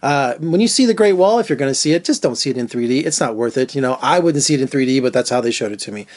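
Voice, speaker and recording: A man's voice: mid-range voice, animated, fast, darkish tone, a little hiss or hum. A man giving a casual, opinionated movie review as a film critic, talking loosely with lots of fillers and restarts.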